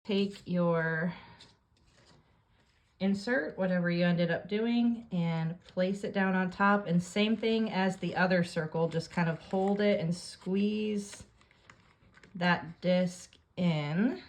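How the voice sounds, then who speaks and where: Lady walking you thru a paper craft, kinda low voice, easy step by step talk. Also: takes it slowly. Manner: calm step-by-step instructions while working. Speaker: craft tutorial host. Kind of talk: hands-on craft tutorial.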